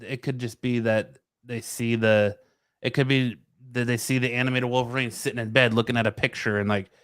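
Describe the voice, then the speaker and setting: A man's voice: medium pitch, fairly even intonation, brisk, a bit bright, clean tone, dry recording, studio quality. A man co-hosting a casual podcast, reading news stories aloud and riffing loosely on them.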